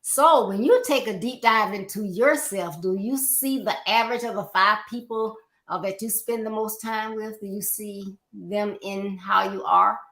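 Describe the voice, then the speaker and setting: A woman hosts an interview and asks measured, reflective questions. She speaks slowly in a bright voice. The recording has a roomy echo. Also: medium pitch. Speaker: host. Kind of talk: interview conversation.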